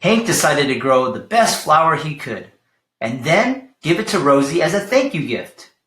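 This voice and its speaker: A man reading a picture book aloud to children in a gentle, encouraging way. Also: fairly high pitch, big pitch swings, normal speed, reverberant. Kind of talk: storybook read-aloud for children.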